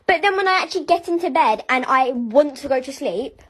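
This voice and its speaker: A woman narrating relatable everyday moments in an expressive, exasperated way. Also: high-pitched, fairly quick, dry recording.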